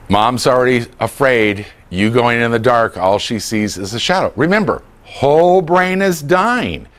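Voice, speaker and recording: An older man giving a humorous talk on dementia care to a class, joking and acting out voices of family members. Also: mid-range voice. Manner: animated, jokey, acts out voices.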